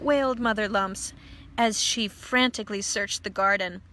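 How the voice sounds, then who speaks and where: A woman pastor reading a storybook aloud to children, with gentle asides to a child. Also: mid-range voice, normal speed, slight background noise.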